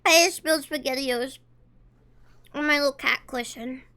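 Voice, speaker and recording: A woman's voice: high-pitched, moderate pace, very noisy. A woman streamer chatting casually with her chat, reading messages aloud and talking while she eats. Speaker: livestreamer.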